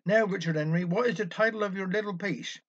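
A man's voice: sits high, fast. A man with a Cornish accent voicing a formal older village chairman announcing a concert. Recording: dull lo-fi recording.

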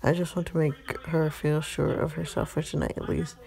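A woman reading an interactive story game aloud in a steady, low-key way. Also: normal speed, gravelly.

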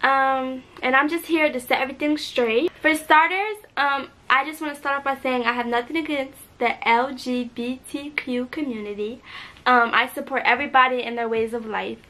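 A teenage girl talking hesitantly and earnestly in a home video, with many pauses and fillers. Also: high voice, fairly even intonation, pushed and bright. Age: teens. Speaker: vlogger. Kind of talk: emotional apology video.

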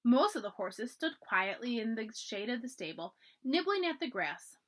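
A woman reading a children's storybook aloud for a library, with expressive, animated narration. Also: on the high side, normal speed.

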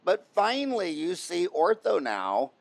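A gravelly male host with a slightly high voice that swings up and down a lot. He fires off rapid strings of rhetorical questions and teases his guest in an easy, chatty way. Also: wildly swooping pitch. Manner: rapid-fire rhetorical questions, playful teasing. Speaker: podcast host. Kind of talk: interview questions, casual chat.

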